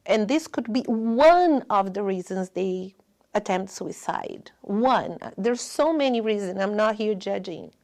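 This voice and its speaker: A woman giving a spiritual lecture in earnest, non-native English, often dropping to a hush. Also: medium pitch, animated, measured pace, gravelly.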